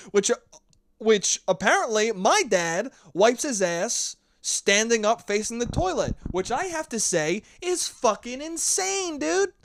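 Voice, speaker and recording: A man's voice: extremely high pitch, very animated, takes it slowly, creaky, a bit bright, no room sound. A young man hosting a solo podcast while hungover, rambling, swearing and earnest, with laughs along the way. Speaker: podcast host. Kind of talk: casual solo podcast monologue. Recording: dry close sound with sirens outside.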